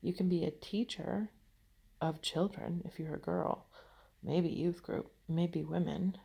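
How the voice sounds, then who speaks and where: A woman talks slowly through a personal story, her voice gravelly and a little husky. She stops and restarts often, with plenty of fillers along the way. The tone is dark and mellow, and the pitch sits on the low side. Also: steady tone. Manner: hesitant, rambling, many fillers and restarts. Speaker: vlogger.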